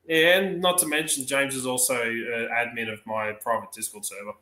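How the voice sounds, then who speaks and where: A man's voice: mid-range voice, fairly even intonation, normal speed, bright, forceful tone, echoey room, poor audio. An Australian man chatting casually on a livestream, rambling through a long story and acting out the dialogue. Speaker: livestream panelist. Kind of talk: casual chat.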